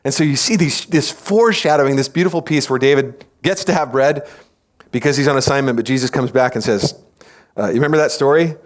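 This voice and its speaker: Animated man teaching a sermon. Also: a little high. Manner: animated storytelling, acting out quoted voices; asks the congregation questions. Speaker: pastor. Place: church.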